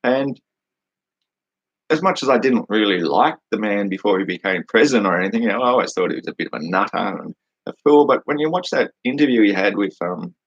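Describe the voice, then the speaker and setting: A man's voice: on the low side, lively intonation, a little fast, breathy edge, no room sound, lo-fi sound. An Australian man answering comments in a combative, mocking rant, blunt and full of swearing. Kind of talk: combative ranting monologue.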